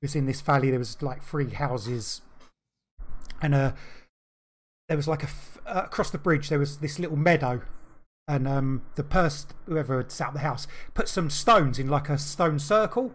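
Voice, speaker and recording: Male podcast co-host, casual, rambling, lots of fillers, a bit high-pitched. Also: moderate pace. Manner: rambling storyteller, many restarts and fillers. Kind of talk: casual chat.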